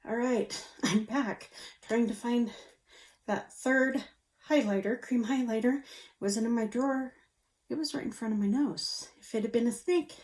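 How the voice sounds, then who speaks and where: A woman's voice: fairly high pitch, measured pace, darkish tone. A woman reviewing her favorite makeup in a casual, gushing way, lingering on her words and sounding a little out of breath. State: slightly out of breath. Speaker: beauty vlogger.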